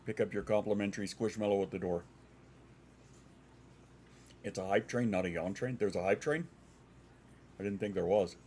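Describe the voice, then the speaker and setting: A man's voice: on the low side, moderate pace, pauses often, darkish tone, a little hiss or hum. A congested man streaming from home, chatting casually with his viewers and swearing now and then. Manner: rambling, swears, answers chat.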